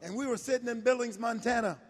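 A man in his sixties preaching a sermon, telling a personal story in a folksy, animated way. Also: very high voice, fast. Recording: echoey hall reverb.

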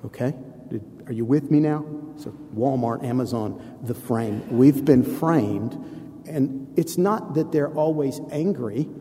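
A man's voice: medium pitch, measured pace, warm tone. A man preaching a sermon to a congregation, conversational with playful asides to the listeners. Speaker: pastor. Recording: long hall reverb.

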